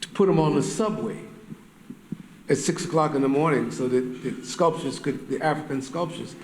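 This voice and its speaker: A man's voice: medium pitch, normal speed, a little mellow, a little hiss or hum. A man on a panel telling an anecdote casually, laughing and using slang. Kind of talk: anecdotal storytelling. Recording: roomy room with faint ambience.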